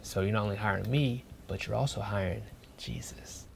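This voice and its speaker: A man playing a gravelly, clueless job applicant. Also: medium pitch, a little fast, a little mellow. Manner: laid-back slangy bragging. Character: clueless, boastful male security-guard applicant. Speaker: job applicant in a comedy sketch.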